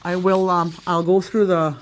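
A middle-aged woman teaching a recorded language lesson, patiently repeating words slowly and explaining step by step. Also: on the low side, little pitch movement.

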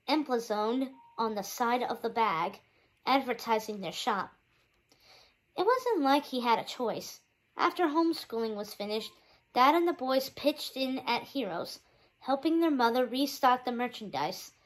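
A woman's voice: a little high, rough recording. Woman reading a children's novel aloud. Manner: expressive, lively narration. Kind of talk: children's book read-aloud.

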